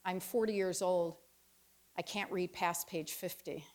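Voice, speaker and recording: A woman in her fifties performing a reflective personal essay with wry storytelling and pauses. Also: fairly low pitch, steady tone, a little mellow. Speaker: author giving a reading.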